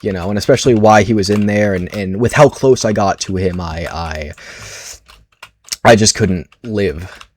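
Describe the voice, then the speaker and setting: A man's voice: on the low side, moderate pace, a little mellow, lightly acted. A man voicing an ageless, boastful male general who was secretly posing as a president, confessing his deeds in a casual, matter-of-fact way. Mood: confessional. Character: Trump unmasked as immortal Ulysses S. Grant, male, boastful. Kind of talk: comedic monologue role-play.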